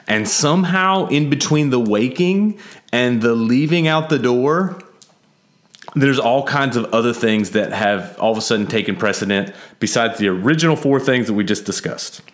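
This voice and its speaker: A man's voice: fairly low pitch, fairly bright tone. A man in his thirties, a father, candidly telling a personal story in casual conversation, with frequent "like" fillers.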